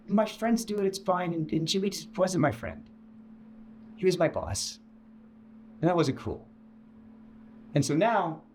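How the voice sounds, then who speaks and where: Man, interview guest, casual storytelling, stammers and restarts, room echo with light ambient noise. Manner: stammering restarts, swings into high animated delivery. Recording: echoey room with faint ambience.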